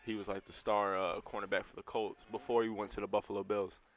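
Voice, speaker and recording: A young man co-hosting a podcast in casual chat, talking in laid-back slang with loud teasing bursts. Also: lowish voice, level tone, quick pace, a little hiss or hum. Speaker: podcast co-host.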